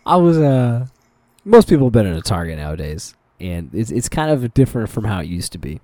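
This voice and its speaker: Animated man telling stories. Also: lowish voice, brisk, no room sound. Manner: animated storytelling, swearing, quoting people. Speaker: podcast co-host. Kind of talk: casual chat.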